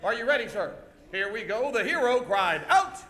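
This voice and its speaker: A man hosting a live comedy show, teasing volunteers from the audience with loud stage patter. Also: very high-pitched, big pitch swings, moderate pace. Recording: echoey venue with music and crowd.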